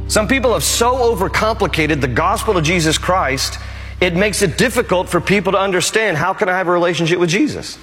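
A man's voice: high-pitched, fairly quick, a bit bright, faint music behind. Emphatic male pastor preaching in a hall. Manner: emphatic, repeats key phrases. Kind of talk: sermon.

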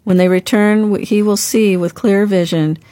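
A man's voice: sits high, fairly even intonation, moderate pace, dark tone, dry recording, lightly acted. A woman reading the lines of a devout father in an audiobook, speaking fervently. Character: devout father, a grown man.

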